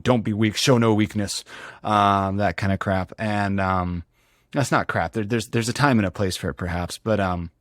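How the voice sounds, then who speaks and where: A man's voice: fairly low pitch, no room sound, clean studio sound. A man speaking as an interview guest, reflective and earnest, often restarting his sentences as he searches for words. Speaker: guest ultrarunner.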